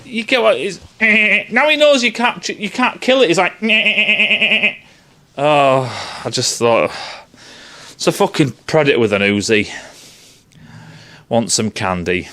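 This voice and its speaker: A man's voice: mid-range voice, lively intonation, a little slow, long pauses, sharp tone. Sweary exasperated man ranting about films. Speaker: film reviewer. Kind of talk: profane comedic film rant.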